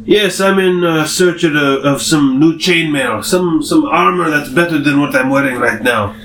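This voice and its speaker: Male player, slightly high, hesitant, roomy echo. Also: crowd noise. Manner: halting, hesitant in-character talk. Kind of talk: in-character tabletop role-play.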